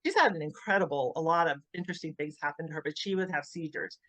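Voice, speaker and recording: A middle-aged woman, a grieving mother, giving an emotional personal account in an interview, often halting and repeating words as she restarts. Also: deep voice, a bit bright, dry recording.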